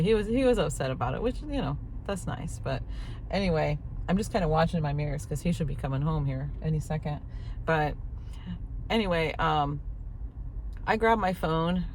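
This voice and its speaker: Low-voiced chatty woman vlogger. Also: a little mellow, slight background noise. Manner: chatty, rambling, laughs often. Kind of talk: casual vlog chat. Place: in a parked truck. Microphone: clip-on mic.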